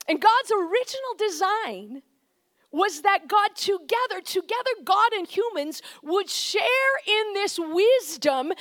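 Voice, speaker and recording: A woman preaching a conversational, animated sermon, often shifting into quoted voices. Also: very high-pitched.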